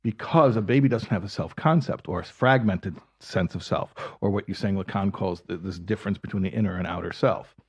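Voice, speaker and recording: A man with a low, slightly husky voice explaining ideas in a reflective talk. He builds each point step by step and returns to his key words for emphasis. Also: fairly quick, few pauses, darkish tone. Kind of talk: reflective conversation.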